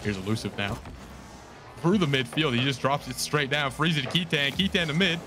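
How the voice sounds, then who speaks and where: A man calling esports play-by-play in a quick, rambling way, often correcting himself mid-sentence. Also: medium pitch, background noise. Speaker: play-by-play caster.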